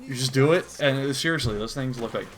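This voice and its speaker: A man giving crude, rambling comedic commentary while reading a comic aloud, with profane deadpan asides. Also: medium pitch, fast, soft background music. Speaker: comedy video host.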